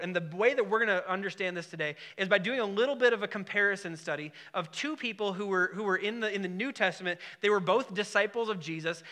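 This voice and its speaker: A man's voice: sits high, pushed and bright. A man preaching a sermon to a congregation in a conversational, emphatic way, with asides and questions to the room. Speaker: pastor.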